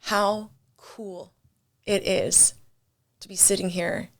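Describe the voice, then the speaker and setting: A woman's voice: medium pitch, steady tone, takes it slowly. A young adult woman hosting her own podcast, talking candidly and reflectively in a chatty, casual monologue. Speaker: podcast host.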